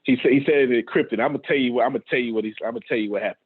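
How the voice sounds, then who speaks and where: On a tinny, phone-like video call, a man hosts a motivational talk for his staff, speaking very fast in a husky, medium-pitched voice. He's preachy, repeats his points, and laughs often.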